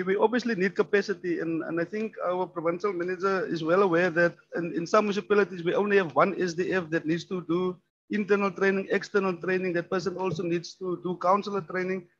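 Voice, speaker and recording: A man presents at a public forum on municipal skills work. His voice sits high for a man, and he halts often with many filler sounds and restarts. The sound is dull and lo-fi. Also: a little hiss or hum. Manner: hesitant, many ums and restarts. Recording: dull lo-fi recording.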